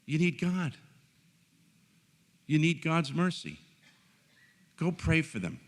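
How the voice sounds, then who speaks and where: Excited older nun, gleeful and sing-song, put on by a male speaker. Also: fairly high pitch, takes it slowly, in a large hall, voice pushed up. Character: excited, cheerful older nun, spiritual director.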